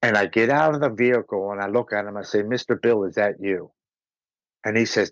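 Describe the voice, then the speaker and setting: A low-pitched American man tells his recovery story on a podcast, earnest and emotional, sometimes stumbling over repeated words. The sound is close and dry, with no room echo. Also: a little fast, dull audio. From United States. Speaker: podcast guest. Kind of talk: personal recovery story told in conversation.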